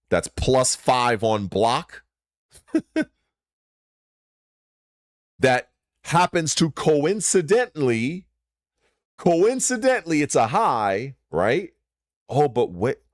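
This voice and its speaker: Profane, heated man ranting, very animated. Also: medium pitch, dry recording, studio quality. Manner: profane, exasperated, swings between shouting emphasis and muttering. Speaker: channel host. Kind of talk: heated gaming rant.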